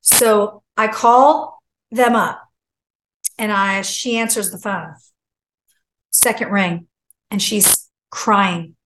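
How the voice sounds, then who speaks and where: A middle-aged woman telling a long personal story as a guest, animated and acting out the voices she quotes. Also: medium pitch, very slow, pauses often, slight background noise, low-quality recording. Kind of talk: casual storytelling.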